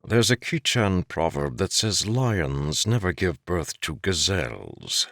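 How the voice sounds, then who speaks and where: A man's voice: low voice, big pitch swings, slow pace, vocal fry, a bit bright, dry recording, heavily acted. A man reading the part of a wry male court jester with dry, teasing banter, in an audiobook.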